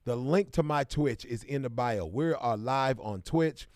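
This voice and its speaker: Midwestern man, casual livestream host, mid-pitched, dry close sound, shout-outs to chat. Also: unhurried, no room sound. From Kansas City, American Midwest. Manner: loose and chatty, greets viewers by name with bursts of hype.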